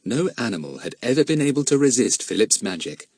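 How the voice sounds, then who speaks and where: A man narrating a children's adventure audiobook in an expressive storytelling manner. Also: mid-range voice, a little fast, slightly rough, no echo, studio quality. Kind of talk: scripted narration.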